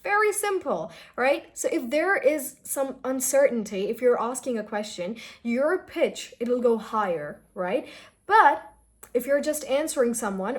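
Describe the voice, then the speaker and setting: A young woman with a slightly high voice teaches English pronunciation in a video lesson. She explains each point in a lively, chatty way and talks directly to her viewers. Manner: lively, explanatory, addresses viewers as "you guys".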